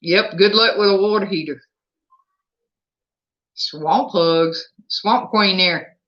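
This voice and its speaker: The voice is mid-range and unhurried. Over slightly dull lo-fi audio, a livestream host with a Southern US accent chats casually at home, answering viewers' comments out loud.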